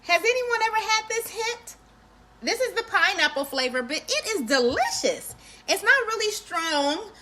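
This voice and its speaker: A woman's voice: very high voice, sing-song, normal speed, bright, forceful tone. A woman, chatting casually on a livestream and greeting viewers by name. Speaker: livestream host.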